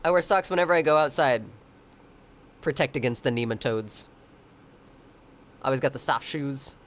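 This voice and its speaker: A man's voice: mid-range voice, moderate pace, a bit bright. A man streaming and chatting casually with viewers, rambling, swearing freely and laughing often. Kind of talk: casual chat.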